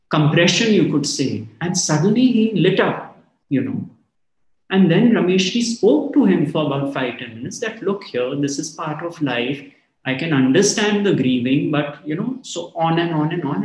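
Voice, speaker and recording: Calm, reflective man giving a spiritual talk. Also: on the high side. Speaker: spiritual teacher. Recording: echoey room.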